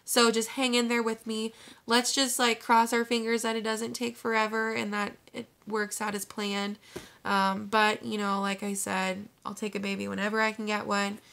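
Vlogging casually to her phone, a woman in her twenties gushes chattily and fills her speech with "like." She has a medium pitch, a level tone, normal speed, vocal fry, and a slightly bright sound.

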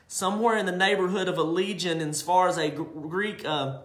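Male preacher, high voice, emphatic sermon delivery, echoey room. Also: steady tone, a bit bright. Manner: emphatic, drawn-out scripture reading with asides.

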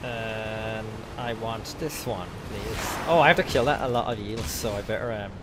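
A man's voice: lowish voice, moderate pace. Young guy gaming, cussing at the game and getting worked up, game music going behind him. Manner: excitable, swears a lot at the game. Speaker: gaming video host. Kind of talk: let's play commentary.

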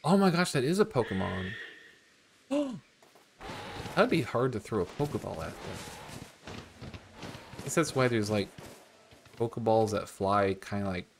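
Excitable gravelly-voiced male streamer. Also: fairly low pitch, measured pace, pauses often, slight background noise. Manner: excitable, gasping and laughing at new discoveries. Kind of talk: casual gameplay commentary.

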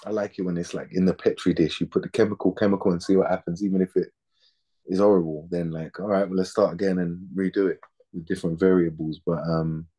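A man's voice: low-pitched, flat delivery, quick pace, warm tone. A man in his thirties, an actor chatting casually in an interview, laid-back and slangy, often repeating words as he thinks.

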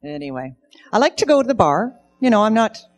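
A woman's voice: mid-range voice, big pitch swings, brisk, faint music behind. A middle-aged woman telling stand-up comedy stories on stage, in a dry storytelling way. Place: event stage.

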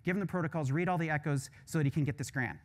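Brisk, bossy older researcher as a man quotes him, rattling off orders. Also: on the high side, lightly acted. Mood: commanding. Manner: rapid-fire orders on the phone. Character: older male senior researcher, brisk and commanding.

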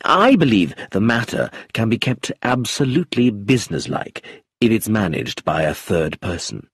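A man voicing a fond, anxious middle-aged husband who talks in an earnest, gentle way in a storybook reading. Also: lowish voice, very animated, normal speed, slightly rough, dry recording, studio quality, full character voice.

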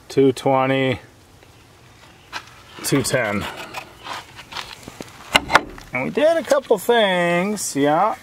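A man hosting a homestead vlog outdoors by his smokehouse, chatting casually and playfully with his family and his guest. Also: medium pitch. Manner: chatty, playful, talks to his kids and animals. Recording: noisy outdoor farm ambience.

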